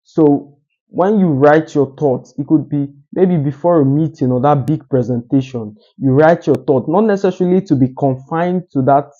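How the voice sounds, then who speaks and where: A man talking straight to the camera with deliberate pauses, teaching how to speak more articulately. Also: fairly high pitch, warm tone, lo-fi sound. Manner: deliberate, uses pauses for emphasis. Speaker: communication coach. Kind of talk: solo talking-head advice.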